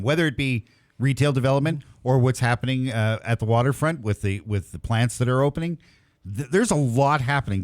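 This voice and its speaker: A man's voice: medium pitch, darkish tone, dry recording, clean studio sound. A man hosting a morning radio interview in a conversational, easygoing way. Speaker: radio host.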